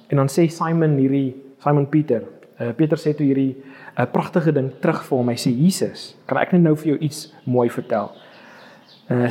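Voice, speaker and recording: A pastor with a South African Afrikaans accent preaching a sermon, reading scripture aloud and slowing to stress key words. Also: male voice, mid-range voice, warm tone. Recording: reverberant hall.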